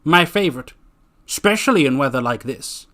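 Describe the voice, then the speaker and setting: A man voicing a friendly, silver-haired fox-like gentleman in a storybook reading. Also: medium pitch, animated, normal speed. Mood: genial. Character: silver-haired fox-like male, genial, hospitable.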